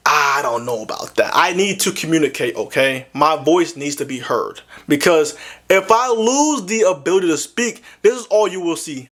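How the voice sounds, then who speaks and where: A young man with a fairly high voice hosts a casual video game. His pitch swings widely as he talks. He is animated and slangy, and breaks into loud exclamations often. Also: moderate pace. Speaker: gaming video host. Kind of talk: casual commentary to camera.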